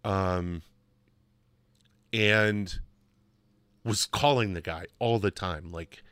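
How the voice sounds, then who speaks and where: A man hosts his podcast, telling a story in a lively, emphatic way that leans on repetition. His voice is low-ish but bright and forward. The sound is dry, with no room echo. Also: drawn-out words, clean tone. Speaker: podcast host. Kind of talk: casual storytelling monologue.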